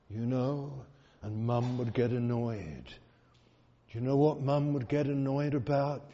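A middle-aged man from England preaches slowly and earnestly, telling stories and pressing his points home by repeating them. His voice is mellow and unhurried. The recording is dull, with a long hall reverb behind him. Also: mid-range voice. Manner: earnest, repeats phrases for emphasis, tells stories. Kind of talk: sermon.

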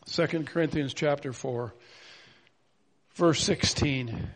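A man's voice: on the high side, slow pace. A man preaching a sermon in an earnest, pleading way, full of rhetorical questions. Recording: long hall reverb.

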